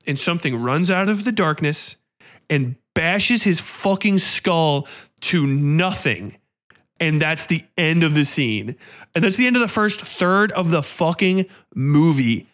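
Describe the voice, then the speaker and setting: A man hosting a podcast, retelling a horror film in a casual, profane, animated way. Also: on the high side, unhurried. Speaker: podcast host. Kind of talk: casual film review chat.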